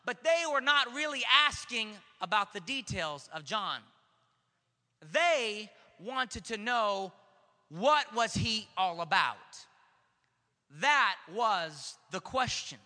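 A man's voice: sits high, animated, takes it slowly, bright, forceful tone, big-room sound. A man preaching a sermon in a church sanctuary, emphatic, with call-and-response and repeated words. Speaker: pastor.

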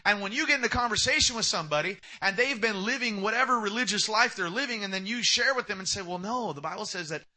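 A young man preaching a sermon from the pulpit, emphatic and animated, often acting out quoted speakers. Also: sits high, fast talker, hardly any pauses. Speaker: pastor.

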